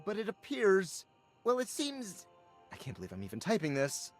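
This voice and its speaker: Anxious inventor, high voice, urgent, game music behind. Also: male voice, wildly swooping pitch, normal speed. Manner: urgent, nervous, wordy. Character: anxious male scientist inventor, rambling. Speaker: game character.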